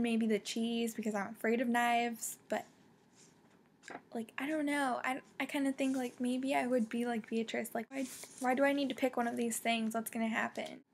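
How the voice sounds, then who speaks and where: A young woman reviewing a book casually, excitable and full of fillers and restarts. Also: a little high, slight background noise. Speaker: book vlogger.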